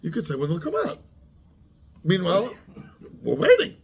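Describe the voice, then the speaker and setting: Male rabbi, slightly high voice, raspy, questioning a class. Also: huge pitch swings, moderate pace. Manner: asks the class questions, mixes Hebrew terms into English. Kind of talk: Torah class, lively explanation with questions to students.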